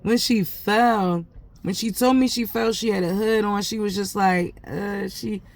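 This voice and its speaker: A woman vents to camera as a mother, telling a story in emphatic, profane bursts. Her pitch sits in an ordinary middle range, and she talks casually and heatedly throughout. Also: steady tone, a little slow.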